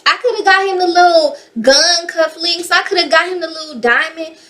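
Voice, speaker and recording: Young woman, high voice, casual storytime vlog, animated, salty language, from the Bay Area. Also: a little fast. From San Francisco Bay Area. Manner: animated and expressive, swearing freely. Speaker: vlogger.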